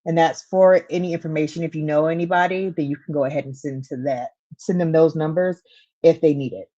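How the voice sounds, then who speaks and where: A woman co-hosting a casual livestream, with a low, mellow voice. She reads out facts and hotline numbers slowly. The audio is dull and lo-fi. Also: fairly even intonation. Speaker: podcast co-host.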